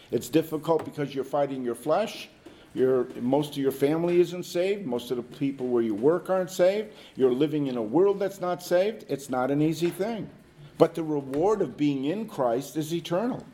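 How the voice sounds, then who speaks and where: A man leading a Bible study in an informal, halting way, asking the group questions. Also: a little high, warm tone, a little hiss or hum. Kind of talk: conversational Bible teaching.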